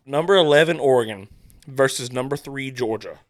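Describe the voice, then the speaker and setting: A young man hosts a rowdy podcast with friends, telling crude stories loudly and laughing often. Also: mid-range voice, fairly quick, no room sound, clean studio sound. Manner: loud storyteller, laughs often, crude jokes. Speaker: podcast host. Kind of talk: rowdy casual podcast banter.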